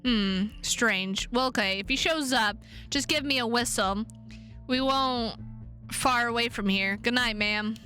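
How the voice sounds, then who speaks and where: Polite male werewolf hunter read by a woman, measured and formal, bright voice, game reading. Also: a little high, faint music behind.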